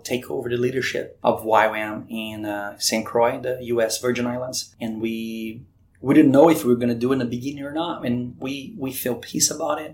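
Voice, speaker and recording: A man from Brazil, a missionary guest, telling his story earnestly in a casual interview, with quick bursts and restarts. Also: mid-range voice, a little hiss or hum.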